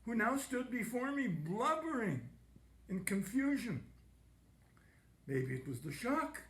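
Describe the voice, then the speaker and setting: A man reading a chapter of his novel aloud in a lively, expressive first-person voice, with halting dramatic pauses. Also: high voice, reverberant.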